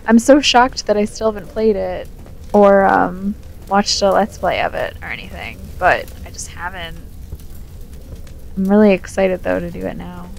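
A woman's voice: medium pitch, normal speed, creaky, a little hiss or hum. A tipsy young woman chatting and swearing through a let's play, talking back to the game's character. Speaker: gamer. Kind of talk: casual drunk let's play commentary.

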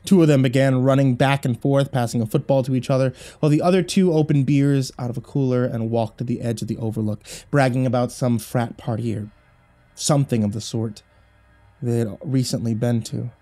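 Dark-voiced man narrating horror. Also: medium pitch, steady tone, brisk, faint music behind. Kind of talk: scripted first-person horror narration.

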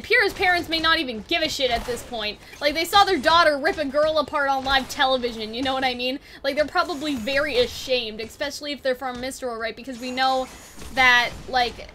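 A woman's voice: high-pitched, a little fast, bright, forceful tone, a little hiss or hum. A woman hosting a casual review chat, talking in a loose, chatty way full of "like" and "you know what I mean.". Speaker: anime review show host.

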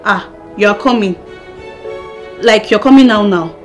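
A woman plays a young Nigerian tenant with a reassuring, soothing manner. Her voice sits at a middle pitch. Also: unhurried, soft background music, lightly acted.

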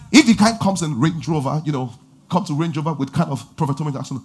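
Animated pastor, husky voice. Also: male voice, fairly high pitch, quick pace. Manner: animated preaching with sudden loud exhortations and acted quotes. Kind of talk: sermon. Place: church auditorium.

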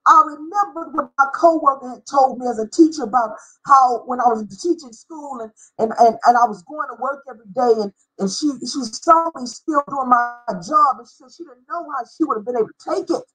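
A middle-aged woman, a former schoolteacher, telling a personal faith story with deep feeling and spelling out words for emphasis. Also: brisk, hardly any pauses, fairly bright tone, breathy edge, poor audio. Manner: emotional, spells out words, sings briefly. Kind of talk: personal testimony.

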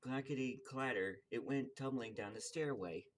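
A man's voice: medium pitch, moderate pace. A young man casually reading a children's picture book aloud and chuckling along with the story. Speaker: reader.

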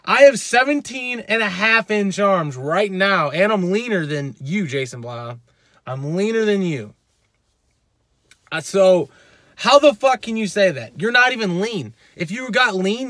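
A man's voice: sits high, sharp tone, dry recording. A male fitness channel host ranting in a vlog, heated and profane, repeating his points.

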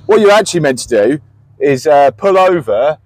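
Man, car dealer host, jokey teasing delivery, lively swoops, slightly husky tone. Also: on the high side, normal speed. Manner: playful, teasing banter. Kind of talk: joking car walkaround.

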